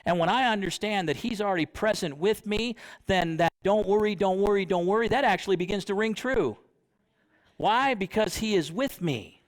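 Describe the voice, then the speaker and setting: A young man preaching in church, his voice sitting fairly high. He talks in a conversational way and keeps asking the congregation questions. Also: lively intonation, normal speed. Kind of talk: sermon.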